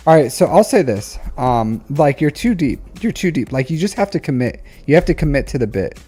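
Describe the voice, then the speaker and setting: A man with a mellow, relaxed voice talks through a viewer's account in casual live-stream commentary. He rambles, doubles back and leans on "like" and "um" as he thinks aloud, with faint music playing softly behind him. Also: fairly high pitch, fairly quick, few pauses, husky. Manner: rambling, repeats phrases, frequent "like" and "um". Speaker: streamer giving account reviews.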